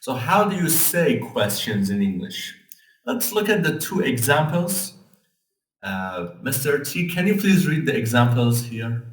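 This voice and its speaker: A man's voice: medium pitch, very animated, measured pace. English teacher man in an echoey room. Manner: patient, explains step by step. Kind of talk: casual lesson explanation. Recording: echoey room, mic at a distance.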